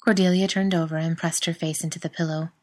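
Woman reading a story out loud, calm and even, lowish voice. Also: quick pace. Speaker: reader. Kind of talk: storybook narration.

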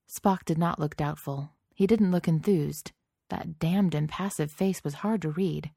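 A woman's voice: low-pitched, a little slow, vocal fry, mellow, slightly rough, dry recording, clean studio sound. A woman reading a story aloud in a wry, conversational narrating voice. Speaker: reader. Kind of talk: reading fan fiction aloud.

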